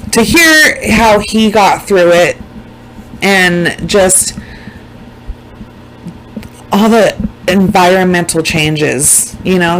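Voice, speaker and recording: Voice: mid-range voice, slight background noise, poor audio. A vlogger in casual chat, rambling and swearing freely, repeating words for emphasis. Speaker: vlogger recapping a documentary.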